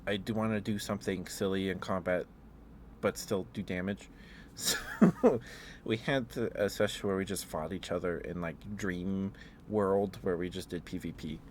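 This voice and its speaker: A man in a soft-spoken ASMR ramble, telling meandering stories with fillers and chuckles. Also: low voice, normal speed, slight background noise. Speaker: ASMR streamer.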